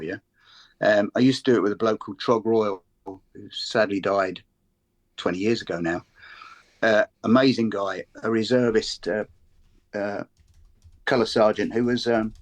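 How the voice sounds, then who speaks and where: An older man, a former military instructor, telling stories in a rambling, casual way, full of restarts, fillers and swearing. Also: fairly low pitch. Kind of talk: casual conversational storytelling.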